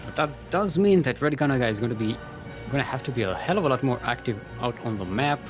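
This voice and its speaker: A man's voice: mid-range voice, expressive, quick pace, over music. A man casting a live strategy-game match, chatty and joking, reading out viewer chat as he goes. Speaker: esports caster.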